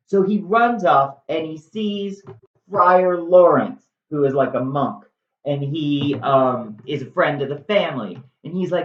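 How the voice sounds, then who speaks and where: A woman's voice: low-pitched, animated, unhurried. A woman giving a chatty, sarcastic comic summary of a classic play, like a teacher at a whiteboard. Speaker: teacher-style storyteller. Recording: echoey room, slightly dull.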